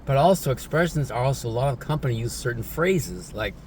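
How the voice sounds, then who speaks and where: A man's voice: medium pitch, expressive, brisk, a little mellow, slight background noise. Man teaching, full of tag questions. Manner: repetitive, tag questions like "right?" and "isn't it?". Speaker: English teacher. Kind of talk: casual spoken lesson.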